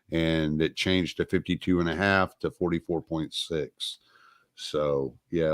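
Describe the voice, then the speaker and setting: Low voiced dude reading vote numbers, dry mic, lotta uh's. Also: male voice, dry recording. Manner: steady, reads out numbers with fillers. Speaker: livestream co-host reading results. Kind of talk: casual election-night commentary.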